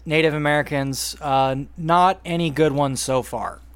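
A man's voice: a little high, measured pace, clean tone, no echo. A man co-hosting a podcast and running a quiz, talking casually and drawing out names like an announcer, laughing often. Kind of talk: casual chat.

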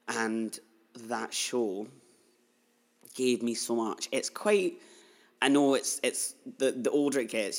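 A man's voice: medium pitch, slow, long pauses. A man in his thirties hosting a podcast, telling a personal story in a chatty, heartfelt way, full of asides. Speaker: podcast host.

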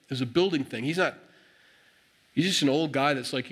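A man's voice: mid-range voice, a little fast, long pauses, a bit bright, husky. A man preaching a sermon, reading scripture aloud and explaining it in a conversational way, acting out the dialogue with emphatic rises. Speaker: pastor.

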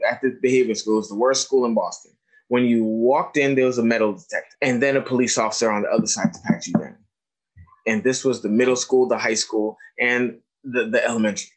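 A man in his thirties giving an informal talk to educators about trauma, telling stories and acting out the voices of the people in them. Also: medium pitch. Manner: storytelling, animated, acts out quoted dialogue.

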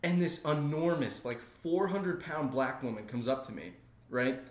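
A young man tells funny stories on a podcast and slips into the voices of the people in them. His voice sits at a medium pitch, and he often laughs mid-sentence. The room is echoey. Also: unhurried. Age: young adult. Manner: animated, laughs while retelling, acts out voices in stories. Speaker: podcast co-host. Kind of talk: casual comedic storytelling.

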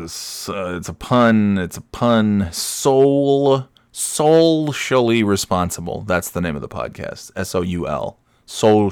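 A man's voice: sits low, clear, resonant tone, dry recording, studio quality. A man in his forties hosting a podcast, telling a rambling story and often chuckling at himself. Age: 40s. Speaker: podcast host. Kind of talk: casual storytelling.

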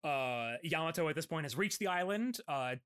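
A man's voice: a little high, expressive, moderate pace, fairly bright tone, clean tone. A man co-hosting a casual podcast, recapping an anime episode with frequent laughter and lots of fillers. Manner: laughs often, filler-heavy, reads out dub lines. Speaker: podcast co-host.

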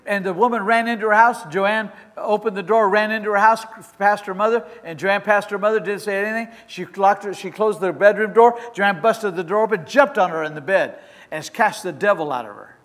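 A man pastor with a high, sharp, bright voice preaches to his congregation. He tells stories with halting restarts and rises to impassioned shouts. The sound rings with the long reverb of a church hall. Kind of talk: sermon. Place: church sanctuary with a responding congregation.

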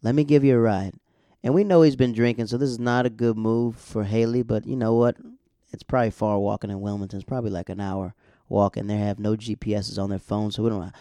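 Young man, casual show recap, rambling asides, relaxed mellow tone, dry room. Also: fairly low pitch, clear, resonant tone, no room sound. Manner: rambling, chatty, self-correcting asides.

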